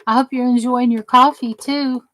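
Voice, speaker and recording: Here the Southern crafter's voice sits a little high and fairly bright, holding a steady tone at normal speed. She keeps rambling through her die-cutting machine demo, reading live chat aloud while she works. The recording is dry and low quality.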